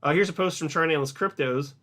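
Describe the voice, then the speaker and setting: A man hosting an online video, talking excitedly and emphatically, often repeating words for stress. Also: fairly high pitch, fast. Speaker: crypto video host. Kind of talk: casual commentary to camera.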